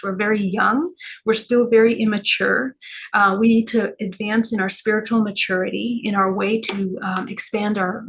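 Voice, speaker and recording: A woman, a guest on a talk show, explaining spiritual ideas in a flowing, unhurried way with soft fillers. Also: on the high side, vocal fry.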